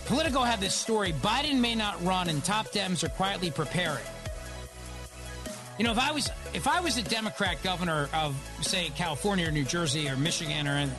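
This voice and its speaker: With a high voice, a man standing in as radio host gives an opinionated, emphatic monologue on a studio broadcast microphone. He argues his points and leans heavily on rhetorical questions.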